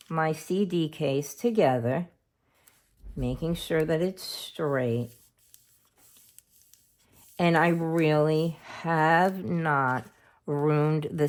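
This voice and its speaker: A middle-aged woman hosting a casual craft tutorial at home, chatting homely and unhurried while she works with her hands. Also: low voice, a little mellow. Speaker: craft video host.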